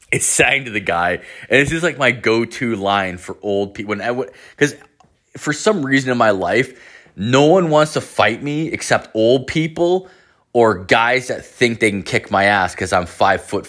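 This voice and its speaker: A man tells a casual, rambling comedic story as a profane rant, swearing constantly and leaning on "like." His voice is fairly low and a bit bright.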